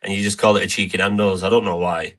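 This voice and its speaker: A young man, a wrestler guest on a podcast, chatting in an easygoing, halting way. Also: deep voice, level tone, a bit bright. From England. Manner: easygoing, halting, with many restarts. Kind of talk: casual chat.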